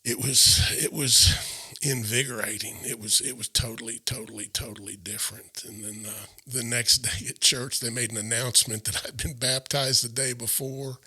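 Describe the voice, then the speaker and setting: A man telling his life story in a sit-down interview, earnest and halting, often repeating and restarting his words. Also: mid-range voice, fairly even intonation, sharp tone, breathy edge. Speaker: interview guest. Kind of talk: personal storytelling in a sit-down chat.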